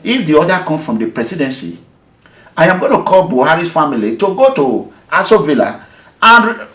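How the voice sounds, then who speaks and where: A Nigerian man with a lively, swooping voice tells his story in an interview, acting out the back-and-forth of each exchange. The voice carries a noticeable room echo. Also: a little high, fairly quick. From Nigeria, Edo State. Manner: animated, emphatic, acts out the dialogue. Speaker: activist, movement leader. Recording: echoey room.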